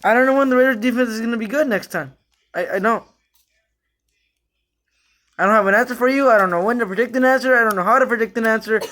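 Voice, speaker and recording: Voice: medium pitch, fast, pauses often, fairly bright tone. Fan vlogger venting about their team, rambly, says stuff over and over, lots of ums. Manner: rambling, repetitive, frustrated; many fillers and restarts. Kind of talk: casual fan rant.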